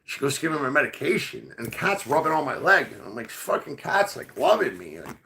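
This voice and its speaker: A man's voice: fairly high pitch, very animated, fairly quick, vocal fry, sharp tone, slight background noise. A man casually telling a rambling, profane story full of fillers. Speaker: podcast host.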